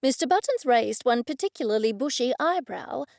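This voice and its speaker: A woman narrating a cozy mystery audiobook in first person, wry and even. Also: high-pitched, normal speed, gravelly, no room sound, clean studio sound.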